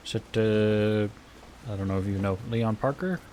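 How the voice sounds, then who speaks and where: A man playing a frontier healer in relaxed in-character roleplay, rambling and hesitant with many fillers. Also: fairly low pitch, normal speed, slight background noise. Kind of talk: in-character western roleplay chat.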